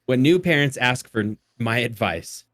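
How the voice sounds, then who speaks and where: Male podcast host, casual chat, mid pitch, relaxed, laughs a lot. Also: measured pace, no echo. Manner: easygoing, laughs often, trails off softly.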